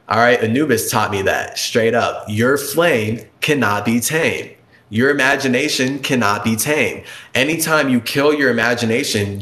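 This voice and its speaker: A man in a casual spiritual monologue on a live stream, rambling and repetitive, preaching emphatically in quick bursts. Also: lowish voice, fairly bright tone. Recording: roomy echo.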